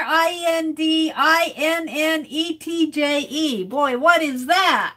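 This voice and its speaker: A woman's voice: sits high, expressive, very slow, pushed and bright. A woman chatting casually with viewers on a live art stream while she cuts a stencil, greeting people by name and sounding out words playfully.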